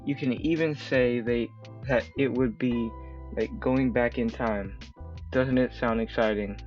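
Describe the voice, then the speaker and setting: A man's voice: mid-range voice, steady tone, a little slow, a little mellow, close to an everyday voice. A raptor woman who teaches history, all forced enthusiasm and schoolroom cheer, as a man reads her out in his own ordinary voice. The sound is a little muffled, with faint music underneath. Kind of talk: reading a visual novel aloud.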